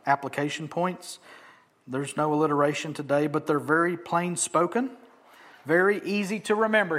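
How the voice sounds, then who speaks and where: A man preaching a sermon in a conversational, joking way, hitting some words hard and dropping others to near whispers. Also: a little high. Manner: emphatic, swinging between loud stresses and soft asides. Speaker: pastor.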